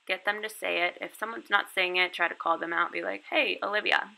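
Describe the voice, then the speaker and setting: A woman who teaches English online gives a chatty, step-by-step screen-recorded walkthrough of her lessons, using casual fillers along the way. Her voice is fairly low and steady, fairly quick, gravelly, bright and forceful, though the audio is poor.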